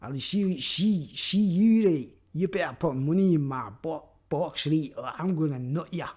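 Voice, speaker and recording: A man's voice: on the high side, moderate pace, a little mellow, lightly acted. A man with a Scouse accent putting on a mock Glaswegian accent to voice a tough male street busker who keeps repeating "right?" and makes threats. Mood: menacing. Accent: mock Glaswegian over Scouse.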